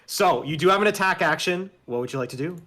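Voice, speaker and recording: A man's voice: fairly high pitch, expressive, fast, bright, forceful tone. A man running a tabletop game as game master, playful and encouraging, laughing often as he narrates.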